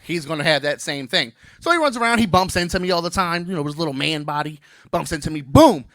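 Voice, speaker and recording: A man's voice: fairly high pitch, lively intonation, fast, a bit bright, no room sound, clean studio sound. A man in his thirties doing a brash, playful stand-up comedy set on stage, teasing the crowd.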